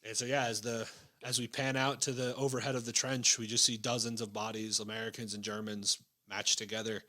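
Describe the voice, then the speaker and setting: A man narrating a tabletop war role-play as game master, describing scenes in a measured way with frequent fillers. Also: lowish voice, flat delivery, sharp tone.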